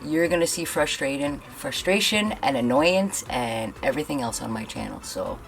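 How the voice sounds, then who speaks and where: A woman's voice: deep voice, animated, normal speed, vocal fry, faint music behind. A young woman from Canada vlogging a hair tool demo, talking bluntly and venting her frustration. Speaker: beauty vlogger. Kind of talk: frustrated product demo vlog.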